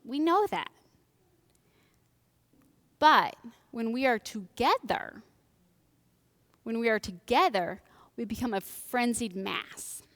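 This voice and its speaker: Animated woman preaching in a reverberant church. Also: a little high. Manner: animated, swings from loud and excited to hushed and grave. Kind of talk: conversational sermon. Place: church during a live service.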